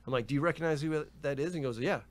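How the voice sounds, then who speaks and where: A man's voice: a little high, racing. A man in a casual podcast chat, telling a story with laughs, swearing and lots of "you know" and "dude". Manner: animated, laughing, acts out others' lines in raised voices. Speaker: guest storyteller.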